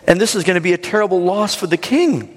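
A man's voice: high voice, animated, fast talker, pitched above the performer's own voice. A man preacher voicing a brave queen who pleads earnestly for her people, in a reverberant hall. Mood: pleading.

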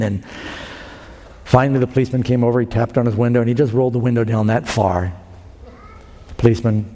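A man preaching with earnest, emphatic swells, pausing between phrases for weight. His voice is mellow and dark. It rings with a long hall reverb. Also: mid-range voice. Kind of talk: sermon.

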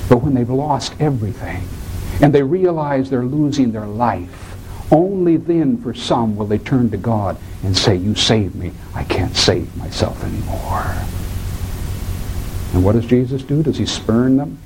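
Dramatic preacher man, soaring and hushed. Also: mid-range voice, lively intonation, moderate pace, slight background noise, poor audio. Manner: acts out quoted voices in his preaching. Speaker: pastor. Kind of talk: sermon.

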